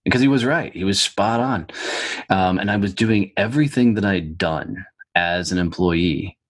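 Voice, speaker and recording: A deep-voiced middle-aged man tells his story in a blunt, profane, animated way. The sound is dry and close, with no room echo. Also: moderate pace, breathy edge. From United States. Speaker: podcast guest. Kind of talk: storytelling in an interview.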